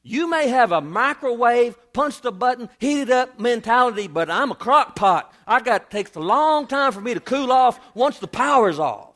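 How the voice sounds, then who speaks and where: A man's voice: very high voice, expressive, normal speed, hardly any pauses, a bit bright, voice pushed up. A man voicing an angry, stubborn wife who scolds her husband in a sassy way and warns him to back off. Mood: sassy warning.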